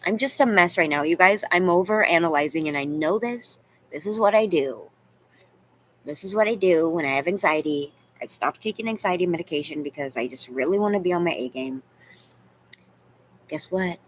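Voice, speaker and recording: A woman's voice: on the low side, normal speed, slight background noise. A woman vlogger venting to camera, rambling and self-deprecating, at times crying. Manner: rambling, tearful, self-deprecating, with many "you know"s.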